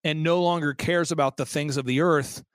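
A man with a high voice tells an animated anecdote as an interview guest. He acts out the people he quotes and restarts his sentences often. The sound is dry and close. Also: moderate pace, dry recording. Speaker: interview guest, event organizer. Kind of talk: fast storytelling anecdote.

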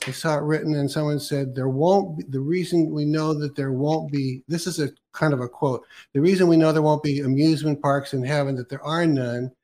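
Musing man in his sixties, slightly high voice. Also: steady tone, a little fast, hardly any pauses, warm tone. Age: 60s. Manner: musing, with many restarts and fillers. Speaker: co-host. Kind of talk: casual Christian talk show chat.

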